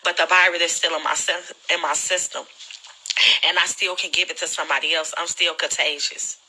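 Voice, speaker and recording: A woman with a very bright, cutting voice talks into her phone on a livestream. She sounds earnest and pleading, and she is fighting back tears. Her delivery is direct and personal, like she is talking to friends. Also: fairly low pitch, fairly even intonation, a little fast, rough recording. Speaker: livestreamer sharing her illness experience. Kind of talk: emotional direct-to-camera livestream.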